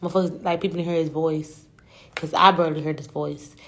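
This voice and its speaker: A woman's voice: low-pitched, fairly even intonation, quick pace, a bit bright. A young adult woman telling a story on a livestream in a slangy, profane, rambling way. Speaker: rapper.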